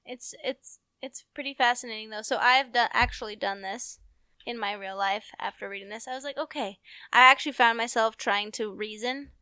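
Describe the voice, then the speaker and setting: A woman chatting on a podcast about her toddler, animated and quick to laugh. Her voice is bright and a little high, recorded close and dry with no room sound. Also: smooth, dry recording. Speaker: podcast co-host, mother of a toddler. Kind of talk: casual podcast chat.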